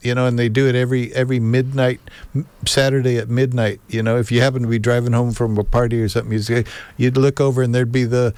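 A man co-hosts a relaxed radio chat, tossing in short agreeing remarks. His voice is smooth and clear, recorded dry and close. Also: mid-range voice, fast, no room sound. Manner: brief agreeing interjections, laid-back. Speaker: radio co-host. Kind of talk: casual chat.

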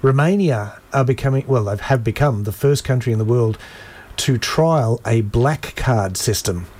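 A man presenting the sports segment of a community radio show in a relaxed, dry, conversational way. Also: mid-range voice, normal speed. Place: radio studio.

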